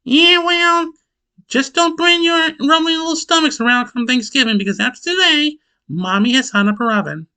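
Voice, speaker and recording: A lazy sitcom housewife, whiny and snippy. She talks in a high, loud voice that sounds put-upon. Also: animated, normal speed, exaggerated voice.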